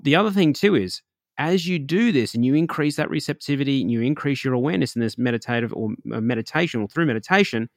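A man's voice: a little high, no echo, clean studio sound. A man hosting a solo podcast on meditation and intuition, talking straight to the listener in an earnest, conversational way and often checking in with "right?". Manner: talks directly to the listener with everyday examples.

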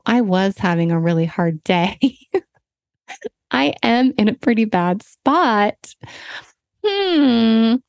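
Middle-aged woman, podcast host, candid and self-deprecating storyteller, mid-pitched voice, dry close-miked sound. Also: no room sound. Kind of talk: personal storytelling monologue.

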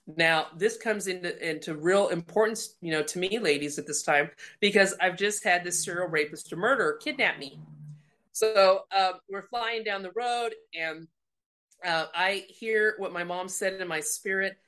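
Lower-voiced woman telling a faith story. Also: moderate pace. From Colorado. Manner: lively storyteller acting out quotes. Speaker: guest.

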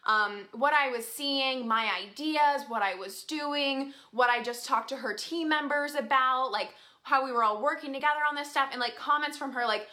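Young woman, bright, sharp tone, higher-pitched, chatty storyteller with lots of fillers and laughs. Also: moderate pace, hardly any pauses. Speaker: vlogger. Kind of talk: casual storytelling to viewers.

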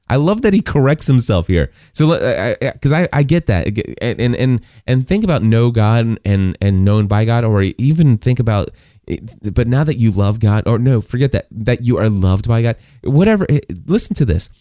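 Mellow-voiced man preaching conversationally. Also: mid-range voice, lively intonation, moderate pace, dry recording, clean studio sound. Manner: conversational, stumbling restarts, rising to passionate emphasis. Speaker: pastor. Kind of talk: sermon.

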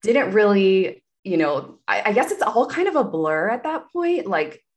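A woman's voice: medium pitch, very animated, a little slow. A woman guest telling a personal story in conversation, candid and meandering, with many asides.

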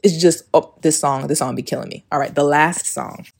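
A woman hosting her own podcast, speaking in a husky voice that sits low for her. Her tone is mellow and warm. She talks emphatically, swears freely and keeps slipping into sung lyrics. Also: steady tone, a little fast. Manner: emphatic, profane, breaks into singing song lyrics. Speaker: podcast host. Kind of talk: casual spiritual podcast monologue.

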